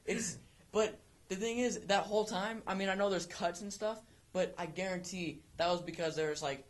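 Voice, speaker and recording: His voice is high-pitched and moves at a moderate pace as he co-hosts an amateur podcast. The young man's casual talk wanders, packed with false starts and filler words.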